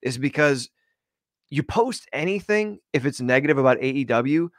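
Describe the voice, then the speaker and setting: A man's voice: medium pitch, animated, moderate pace, no echo, studio quality. A man co-hosting a podcast, chatting casually in a sarcastic, profane, rambling way. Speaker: podcast co-host.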